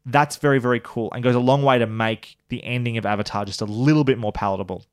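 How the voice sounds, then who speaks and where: A man co-hosting a podcast, reviewing an animated series in casual, rambling chat with frequent restarts. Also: medium pitch, quick pace, smooth. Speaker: podcast co-host.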